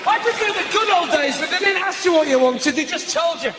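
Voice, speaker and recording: A man doing stand-up comedy, ranting and slipping into shouted voices for his bits. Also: very high voice, expressive, brisk, over a noisy crowd. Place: live comedy venue with audience laughter. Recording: noisy live stage recording.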